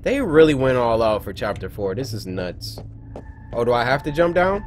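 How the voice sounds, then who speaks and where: A man giving lively let's play commentary, joking and shouting as he plays a horror game. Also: mid-range voice, moderate pace, loud music behind the voice. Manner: animated, yelps and jokes while playing. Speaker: gaming video host.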